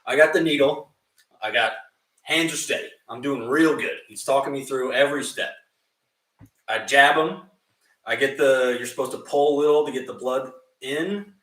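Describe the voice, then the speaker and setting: A young man co-hosts a casual podcast and tells a story with animation and a lot of swearing, laughing as he goes and putting on other people's voices. His voice sounds bright and forceful. He sits a little away from the mic, and the room is echoey. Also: mid-range voice, normal speed, recorded from a distance. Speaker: podcast co-host.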